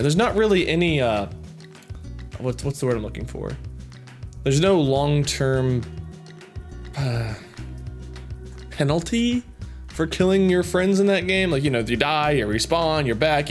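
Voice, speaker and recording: Youtuber guy w a bit of a sore throat reading comments, goofy, voice bouncing all over, soft music behind. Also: medium pitch. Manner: goofy, jumps into loud silly voices. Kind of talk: casual comment-reading chat.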